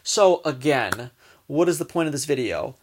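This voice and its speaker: A man hosting a daily show, giving rambling, animated advice and acting out frustrated inner voices. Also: fairly high pitch, moderate pace, slight background noise. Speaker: host. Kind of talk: casual advice talk.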